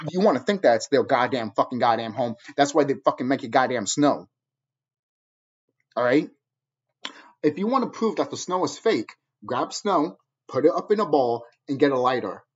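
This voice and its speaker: A man's voice: mid-range voice, breathy edge. A man ranting at viewers in a profane, angry, preachy monologue, heard on a dull lo-fi recording. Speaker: vlogger.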